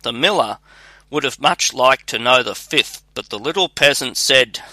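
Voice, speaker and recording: A man narrating a fairy tale in a measured, even read-aloud manner. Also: mid-range voice, no room sound. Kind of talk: storybook narration.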